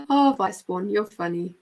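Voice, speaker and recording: Hosting a live stream, a woman from New Zealand with a medium-pitched, slightly mellow voice and a New Zealand accent offers intuitive card readings. She chats affectionately and calls viewers by name, over a rough recording.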